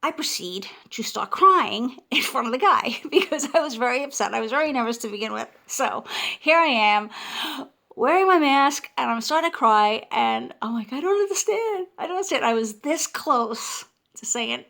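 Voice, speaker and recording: Animated woman telling a story. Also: on the high side, normal speed, gravelly. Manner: animated, emotional, frequent restarts and self-interruptions. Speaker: vlogger. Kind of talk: casual storytelling.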